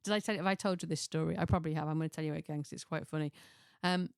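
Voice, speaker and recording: A middle-aged woman chats in a relaxed, rambling way, doubling back on herself and chuckling at her own asides. Her voice sits slightly low. The recording is dry and close, with no room sound. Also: rapid-fire, gravelly, smooth, no echo. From Chester, England. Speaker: lifestyle vlogger. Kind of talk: casual chatty monologue.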